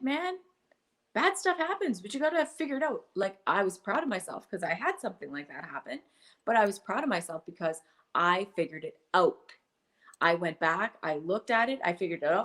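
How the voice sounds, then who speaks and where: A middle-aged woman, a guest in a casual interview, talking enthusiastically about her online business and acting out little quoted exchanges. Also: medium pitch. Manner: enthusiastic, animated storytelling with acted-out quotes.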